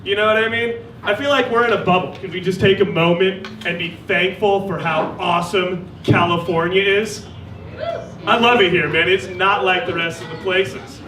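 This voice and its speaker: A man doing a stand-up comedy set on a stage mic, with a wry deadpan delivery and mock voices for the people he quotes. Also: high-pitched, moderate pace, recorded from a distance. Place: live comedy venue. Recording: roomy live venue with crowd. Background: audience laughter.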